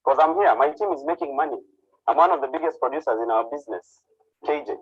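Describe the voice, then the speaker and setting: A Kenyan man with a husky voice talks casually about his work, dropping in Swahili phrases and filler uhs. The recording is dry and slightly dull, with no room sound. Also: on the high side, huge pitch swings, fast, dry recording. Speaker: hairstylist sharing his story. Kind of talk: personal testimony speech.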